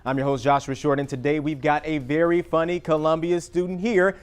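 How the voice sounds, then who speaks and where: High-voiced young male host. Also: little pitch movement, fairly quick, clear, resonant tone. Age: young adult. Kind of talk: scripted show introduction.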